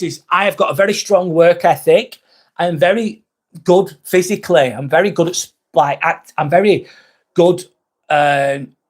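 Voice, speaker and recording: A man with a fairly high-pitched voice talks bluntly on a live stream, swearing freely as he rambles. He sounds confessional and reads viewer comments aloud between his own stories. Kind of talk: candid live-stream chat.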